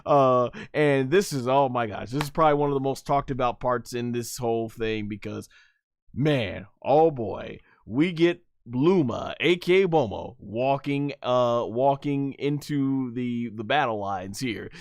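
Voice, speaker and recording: A man's voice: medium pitch, measured pace, no room sound. A young man chatting casually on a live-stream review, with lots of fillers and giggles. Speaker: anime reviewer.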